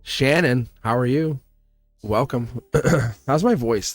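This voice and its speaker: A middle-aged man hosting a live tarot reading, rambling and upbeat, his voice hoarse and cracking. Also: medium pitch, measured pace. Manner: rambling, upbeat, repeats himself. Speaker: tarot reader and host.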